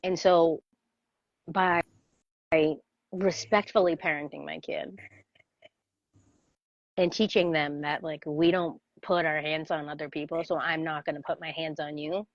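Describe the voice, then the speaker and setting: Guest parenting coach, woman, thirties, lively and laughing, slightly low pitch, dull call sound. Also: measured pace, long pauses, no room sound. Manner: animated storyteller, laughs often, acts out voices. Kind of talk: casual interview conversation. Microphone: video call. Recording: dry, dull video-call audio.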